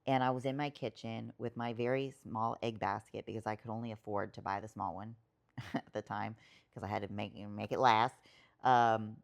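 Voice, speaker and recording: Speaking at a moderate pace in a steady bass voice with vocal fry, a woman who writes poetry shares a personal story as a podcast guest. Her talk is casual and meandering, heavy with fillers and swearing, and sometimes emotional.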